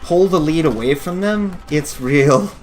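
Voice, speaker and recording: A man's voice: fairly high pitch, expressive, measured pace, faint music behind. A man hosting a gaming channel, giving rambling, jokey, self-deprecating commentary while he plays. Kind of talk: casual gameplay commentary. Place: home office.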